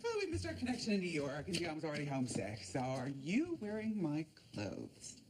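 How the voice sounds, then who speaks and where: An actress playing a wealthy wife in a TV drama, sharp and commanding. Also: female voice, sits low, wildly swooping pitch, fairly quick, crowd noise.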